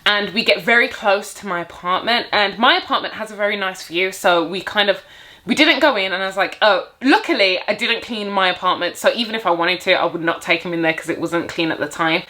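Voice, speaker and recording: A young woman vlogger chats casually with her viewers in a medium-pitched voice, speaking a little fast. She tells a dating story, acting out her own reactions with lively exclamations.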